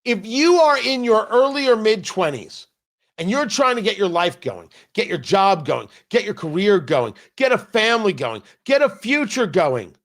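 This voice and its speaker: Man, political talk host, sarcastic, combative, high voice, lively swings in pitch. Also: moderate pace. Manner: combative, sarcastic, emphatic repetition. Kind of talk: opinion monologue.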